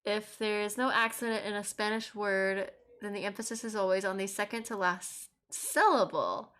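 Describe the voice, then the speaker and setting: A woman's voice: medium pitch, fairly even intonation, moderate pace, fairly bright tone. A woman streamer chatting casually through a game, swearing freely, laughing and teasing her chat. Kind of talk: casual let's-play chat.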